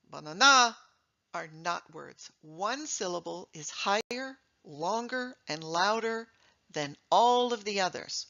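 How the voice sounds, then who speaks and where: Middle-aged woman presenter, emphatic, quizzing the audience, bright tone, slightly muffled recording. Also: mid-range voice. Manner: lively, emphatic, rhetorical questions. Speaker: speaker giving a talk on English.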